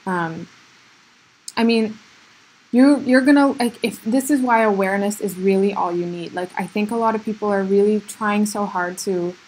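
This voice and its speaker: A little hiss or hum sits under this solo podcast monologue. The female host has a mid-range, darkish voice and talks in an earnest, self-reflective way, full of "like" and "you know."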